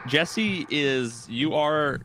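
A man's voice: fairly high pitch, animated, drawn-out words, very noisy. A man co-hosting a casual podcast, bantering in a joking, sarcastic way. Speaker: podcast co-host.

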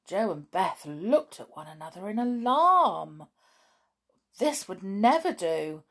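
A woman reading a children's book aloud, expressive, with chatty asides. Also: medium pitch, slow pace. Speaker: storybook reader.

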